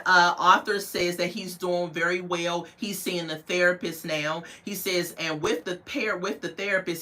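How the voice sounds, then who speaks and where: A woman's voice: on the low side, pushed and bright, rough recording. A woman recapping a reality TV episode in casual chat, telling it as a story and acting out the people she quotes with playful asides.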